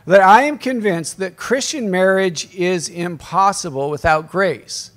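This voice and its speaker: A man's voice: sits high, a little slow, few pauses, fairly bright tone. A middle-aged man, a priest, giving a conference talk to a live audience, telling stories with humor and calling out to the crowd. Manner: conversational storytelling with humor and call-outs to the crowd.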